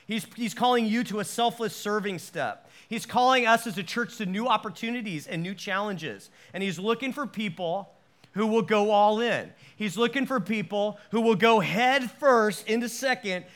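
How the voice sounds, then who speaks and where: High-voiced animated male preacher. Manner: animated preaching with stammered restarts and voiced quotes. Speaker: pastor. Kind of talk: sermon.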